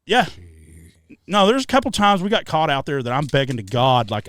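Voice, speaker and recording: A man co-hosting a podcast, telling stories in casual chat, animated and profane, shouting out the lines he quotes. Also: a little high, brisk, dry recording. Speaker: podcast co-host. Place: treehouse hangout.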